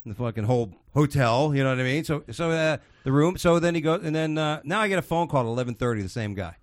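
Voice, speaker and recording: A man's voice: on the high side, expressive, fast talker, no room sound. A man casually telling a rambling, profane story, full of restarts.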